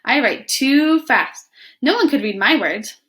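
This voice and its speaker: A woman's voice: sits high, lively intonation, measured pace, fairly bright tone. A woman voicing a hasty rabbit in a picture book, making excuses.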